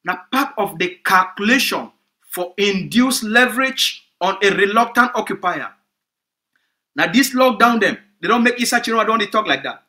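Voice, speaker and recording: A man's voice: high-pitched, lively intonation, moderate pace, pushed and bright. A man with a Cameroonian Pidgin English accent, giving an emphatic, repetitive political address to supporters as a movement spokesman.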